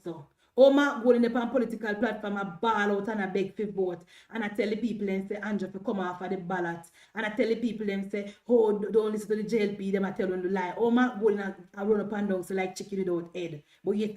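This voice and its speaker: A woman's voice: mid-range voice, a little mellow. A woman speaking in Jamaican Patois, hosting a casual political livestream, defiant and repetitive as she addresses her viewers.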